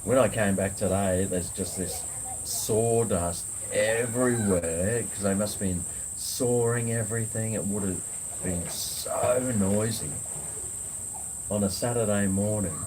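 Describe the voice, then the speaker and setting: A man's voice: fairly low pitch, a little slow, noisy background. An Australian man, a food vlogger, chatting casually and rambling in a laid-back way on a home veranda. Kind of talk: casual live chat.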